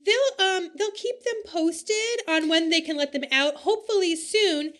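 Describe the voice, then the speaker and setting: A woman's voice: very high voice, measured pace, fairly bright tone. A woman co-hosting a podcast, recapping a film in casual chat, chatty and swearing freely. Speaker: podcast co-host.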